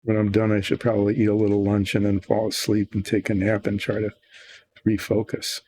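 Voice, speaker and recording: A man's voice: on the low side, monotone, a little fast, a little mellow, slightly rough. An older man hosting a miniature painting video, chatting casually and thinking aloud in a meandering, self-deprecating way. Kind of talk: casual rambling chat while painting.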